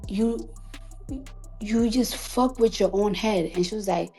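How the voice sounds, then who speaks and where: A woman artist delivering an emotional, defiant monologue on a live audio chat, repeating herself for emphasis, swearing freely and sometimes dropping to a hushed whisper. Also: mid-range voice, soft background music. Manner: emphatic, defiant, repetitive, profane; slows to a hushed whisper at times. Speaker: recording artist.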